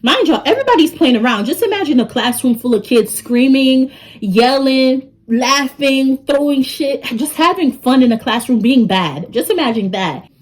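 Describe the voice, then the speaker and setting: Young woman, storytime vlogger, lively delivery, slightly high voice. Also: moderate pace, low-quality recording. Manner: animated, talks straight to the audience. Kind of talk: storytime vlog.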